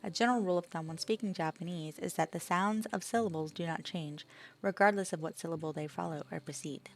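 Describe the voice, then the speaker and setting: A woman's voice: lowish voice, quick pace. Australian woman reading a lesson aloud. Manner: reads lesson text aloud, laughs and chats with partner. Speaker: streamer. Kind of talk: casual game commentary, reading aloud.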